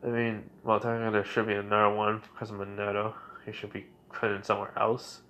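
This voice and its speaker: A man's voice: fairly low pitch, completely flat delivery, fast talker, pushed and bright. A man casually narrating a made-up story, rambling and leaning on fillers like "basically" and "like".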